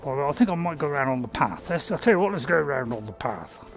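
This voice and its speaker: Man, playful game commentary, rambling with fillers, gravelly voice, bouncy pitch. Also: expressive, fast talker. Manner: chatty and playful, rambling with fillers and self-mocking laughs. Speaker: game streamer. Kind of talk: casual gameplay commentary.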